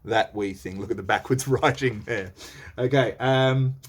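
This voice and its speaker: A man's voice: mid-range voice, a little slow, slight background noise. A man teaching a play, explaining lines in a casual, chatty way with frequent fillers. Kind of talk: explaining a play while reading aloud. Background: faint background music.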